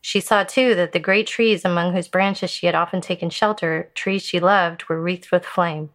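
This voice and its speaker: A woman telling a Buddhist fable in a measured storytelling voice that slows for emphasis. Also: lowish voice, fairly even intonation, a bit bright.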